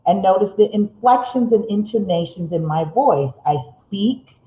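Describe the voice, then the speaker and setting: In roomy, slightly muffled live-stream audio, a seated middle-aged woman delivers motivational talk from an indoor room in a mid-range voice. Excitement speeds her up, she slows to make points, and she laughs often while reading comments from her viewers.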